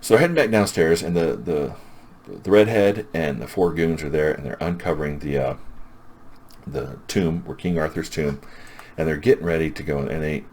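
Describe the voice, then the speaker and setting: A man's voice: rumbling low, normal speed, darkish tone. A man casually retelling a comic's plot as a reviewer, rambling and enthusiastic.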